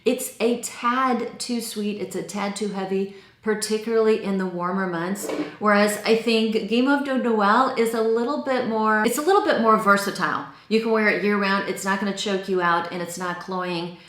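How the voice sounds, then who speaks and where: A woman's voice: mid-range voice, moderate pace, a bit bright. Chatty woman reviewing perfumes, roomy echo. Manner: chatty, enthusiastic, describes scents in detail. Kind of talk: casual product review.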